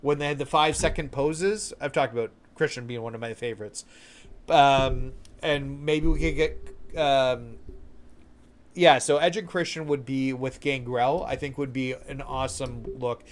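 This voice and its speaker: A man from Canada chats his way through a live game stream at an ordinary, middle pitch. He talks casually and easygoing, stopping now and then to answer viewers in the chat. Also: steady tone, measured pace. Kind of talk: live gameplay commentary.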